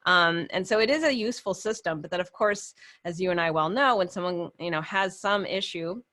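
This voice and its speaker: A woman clinician explaining in a casual professional discussion, chatty and quick to laugh, often acting out what patients say. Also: on the low side, fairly bright tone, no room sound. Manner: chatty, laughs often, acts out quoted voices.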